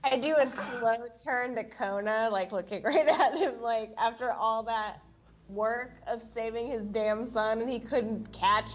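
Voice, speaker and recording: A woman's voice: fairly high pitch, unhurried, muffled recording. A woman taking part as a player in a tabletop game, chatting casually with many fillers. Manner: casual, laughing, filler-heavy.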